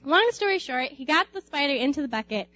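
A young woman telling a personal anecdote aloud in an animated way, laughing often and acting out screams. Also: sits high, fairly quick, no room sound, muffled recording, faint music behind. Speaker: storyteller.

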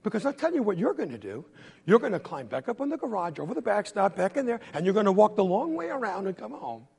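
A man voicing a strict, furious mother who shouts shrilly at her son. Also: medium pitch, big pitch swings, fast, vocal fry, slightly rough, big-room sound, voice pushed up, heavily acted. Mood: stern.

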